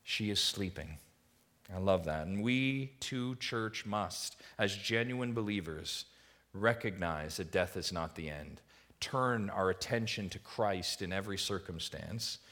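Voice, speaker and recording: A man preaching a sermon as pastor, moving from quiet reflection to emphatic appeals and repeated rhetorical questions to the congregation. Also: sits low, expressive, measured pace. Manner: swings between hushed reflection and rising emphatic appeals.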